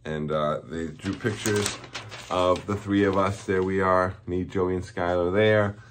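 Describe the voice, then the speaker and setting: A man's voice: sits low, steady tone, measured pace, background noise. A man, a school principal, giving cheerful morning announcements to students and chuckling at their jokes.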